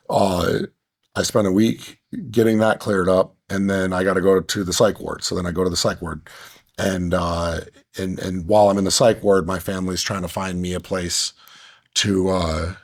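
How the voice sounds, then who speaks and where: A man earnestly recounting a hard personal story as a podcast guest, halting with restarts and fillers. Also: low-pitched.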